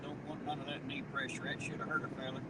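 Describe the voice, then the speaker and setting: A man with a Southern twang, chatting casually and profanely with his livestream viewers as he drives on the highway. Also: level tone, fast talker, crowd noise. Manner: folksy, profane, joking with chat. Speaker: livestream host. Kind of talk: casual livestream chat while driving. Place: inside a car on the highway. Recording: loud road noise, mic off at a distance.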